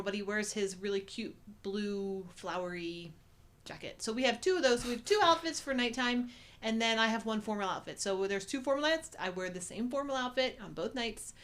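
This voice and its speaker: A woman from the United States co-hosting a casual livestream chat, telling stories in a chatty, animated way and laughing often. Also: mid-range voice. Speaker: co-host.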